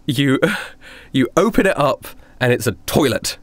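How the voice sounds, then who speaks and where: A man's voice: medium pitch, expressive, measured pace, dry recording. A man narrating as game master in a tabletop game, laughing often.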